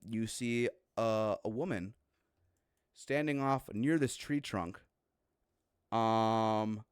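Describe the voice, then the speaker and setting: A man's voice: fairly low pitch, slow, clear, resonant tone, no room sound, clean studio sound. A man running a horror tabletop game as game master, narrating loosely with plenty of fillers.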